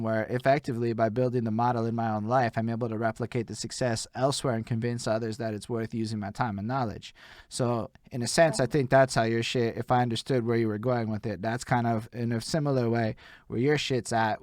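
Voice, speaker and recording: A man hosts a casual streamed interview with a relaxed, conversational delivery. His voice is mid-pitched and recorded dry and close, with no room sound. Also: a little fast, dry recording. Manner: relaxed conversational, gives stream shout-outs. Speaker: host.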